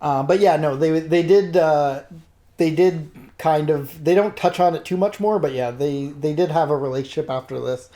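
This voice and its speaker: A man's voice: fairly high pitch, normal speed, mellow. A young man hosting a casual chat, rambling with many fillers and laughing often. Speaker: host.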